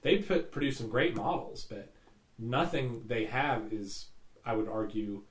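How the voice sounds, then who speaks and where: A man's voice: mid-range voice, measured pace, echoey room. A man hosting a casual hobby podcast, rambling and chatty, swearing as he rants. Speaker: podcast host. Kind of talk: casual chat.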